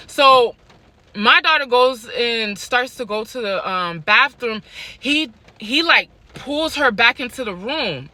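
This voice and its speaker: A young adult woman telling a personal story on her vlog, animated, repeating lines for emphasis and laughing between them. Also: a little high, slow.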